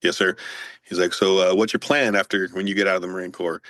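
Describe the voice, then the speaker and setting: A man's voice: low-pitched, fast talker. A man, a former Marine guest, telling profane war stories in casual chat. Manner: profane, animated storyteller. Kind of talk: casual storytelling.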